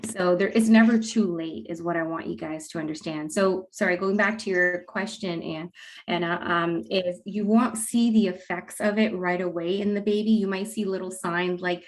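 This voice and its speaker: Animated woman explaining as a guest expert. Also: lowish voice, moderate pace. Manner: animated, acts out quoted parents with laughs. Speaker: guest expert on mouth breathing. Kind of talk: casual explanatory interview answers.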